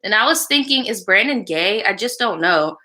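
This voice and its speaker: Very bright-voiced woman live host. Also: mid-range voice, lively intonation, moderate pace. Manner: blunt, casual and slangy, with frequent swearing; chats back to live viewers between lines. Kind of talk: reading a viewer's story aloud and giving advice.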